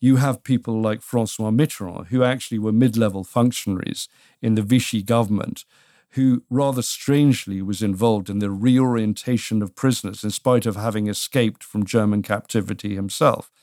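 A British man co-hosting a casual history chat, telling it in a measured, dryly wry way. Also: fairly low pitch, fairly even intonation, a little mellow, dry recording, studio quality. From Britain.

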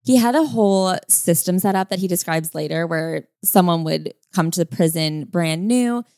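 Woman cohost rambling casually, says like a lot, does little voices, lowish pitch. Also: normal speed, mellow, no echo, studio quality. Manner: chatty, lots of "like", acts out quoted voices. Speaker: podcast co-host. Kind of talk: casual book-discussion chat.

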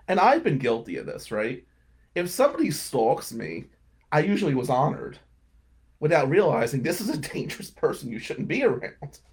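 A man's voice: on the high side, a little mellow, husky. A man, hosting a radio talk show and telling self-mocking stories in a casual comedic monologue. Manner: self-mocking storytelling, laughing at his own jokes. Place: radio studio.

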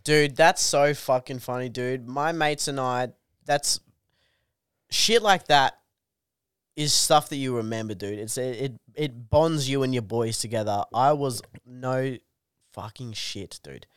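A man in his twenties chats on a podcast as a guest comedian, swearing freely and getting excitable. His voice is smooth and clear. The sound is dry and close. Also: mid-range voice, measured pace, no echo. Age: 20s. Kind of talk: casual chat.

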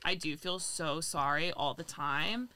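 Bright, rambling young comic. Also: female voice, low voice. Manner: rambling, lots of "like", fast restarts. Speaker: comedian guest. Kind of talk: casual podcast chat.

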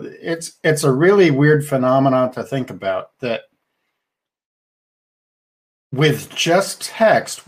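A man talking through his views on a casual podcast discussion. He is deliberate and reflective and often restarts his sentences. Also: mid-range voice. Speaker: podcast co-host.

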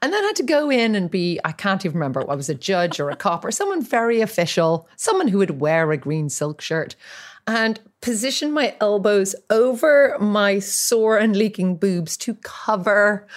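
A middle-aged Irish woman in casual chat, telling self-mocking stories in an animated way. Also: mid-range voice. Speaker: podcast co-host, actress, mother.

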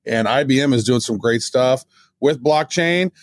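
A man's voice: mid-range voice, moderate pace, dry recording, clean studio sound. A man co-hosting a podcast in casual chat, talking with enthusiasm, rambling and restarting his sentences. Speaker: podcast co-host.

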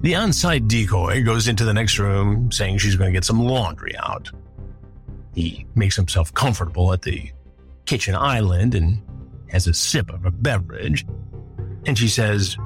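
A man hosting a podcast, retelling a story in a measured, dramatic way. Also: fairly low pitch, lively intonation, faint music behind. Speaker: podcast host. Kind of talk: storytelling narration.

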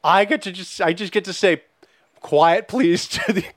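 A man's voice: high voice, brisk, dry recording. Male podcast host, bouncy upper-range voice, dry close mic, casual and profane. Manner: animated, profane, reads listener questions.

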